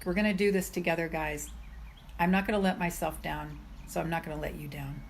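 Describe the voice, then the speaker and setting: A woman coaching on self-love in an energetic, chatty motivational live stream, with many fillers. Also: sits low, brisk, a little hiss or hum.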